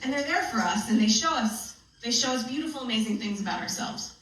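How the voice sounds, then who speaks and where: Brief: bright, forceful woman comic, playful and animated; distant mic in a reverberant hall. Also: on the high side, quick pace. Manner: playful and animated, laughing through her story. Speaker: spiritual comedian and speaker. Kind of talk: live comedic storytelling talk. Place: live benefit event hall. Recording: echoey hall, mic from a distance, faint noise.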